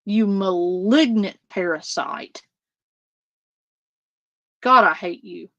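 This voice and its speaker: A woman's voice: medium pitch, slow, pushed and bright, no room sound. A woman, ranting profanely and with exasperation as she reacts live on her stream.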